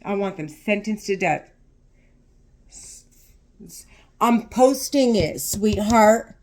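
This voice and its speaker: A woman's voice: mid-range voice, expressive, slow, a little mellow. A woman speaking alone to camera in an agitated, repetitive monologue, full of swearing. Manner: repetitive, swearing, tense ranting. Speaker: vlogger.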